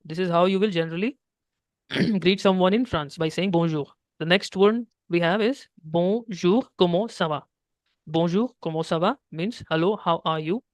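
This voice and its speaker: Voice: medium pitch, moderate pace, no echo, studio quality. A French teacher giving a one-on-one beginner lesson, explaining patiently step by step and checking in often.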